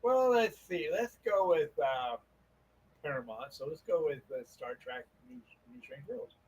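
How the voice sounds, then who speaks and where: A man's voice: a little high, very animated, unhurried, slightly rough, low-quality recording. A man co-hosting a casual talk show, mostly giving short agreeing replies. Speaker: co-host. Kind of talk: casual chat.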